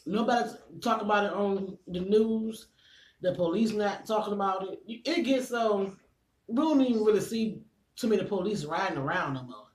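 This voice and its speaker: Between mouthfuls at home, a congested male food vlogger chats casually and calls his viewers y'all, his breathing slightly labored. He has a high-pitched voice and a moderate pace, recorded in a roomy-sounding space.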